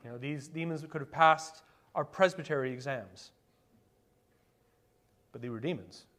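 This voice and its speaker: A male pastor preaching a sermon in a conversational way, with rhetorical questions and sudden bursts of excitement. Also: mid-range voice, measured pace. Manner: conversational preaching with asides and fillers.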